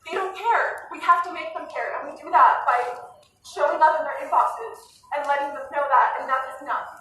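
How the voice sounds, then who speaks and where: A woman's voice: high-pitched, a little fast, a bit bright, far from the mic, a little hiss or hum. A woman giving an earnest, urgent protest speech outdoors in the sun, swearing now and then. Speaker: rally speaker for an activist group. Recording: echoey PA sound heard from afar.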